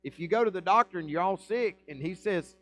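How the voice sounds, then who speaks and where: Man, pastor, sermon in church, slightly high voice, conversational preaching, rhetorical questions. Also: a little fast, a bit bright, faint music behind, poor audio. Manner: conversational preaching, reads scripture then explains with asides.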